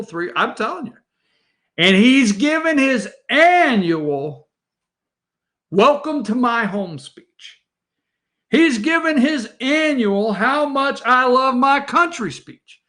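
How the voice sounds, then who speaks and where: A man's voice: high voice, fairly bright tone. A man hosting a morning show, telling rambling family stories over old photos and chatting straight to his viewers.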